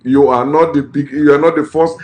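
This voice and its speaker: A man's voice: fairly high pitch, steady tone, brisk, darkish tone, highs cut off. Blunt man ranting. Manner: blunt, scornful, repeats curses. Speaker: vlogger. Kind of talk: ranting political commentary.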